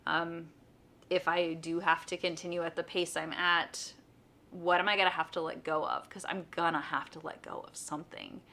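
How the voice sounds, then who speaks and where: Middle-aged woman vlogger, lower pitch, bright tone, casual and chatty with lots of "um" and "you know". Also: steady tone, normal speed. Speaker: vlogger, homeschooling mom and nurse. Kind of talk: casual personal storytelling.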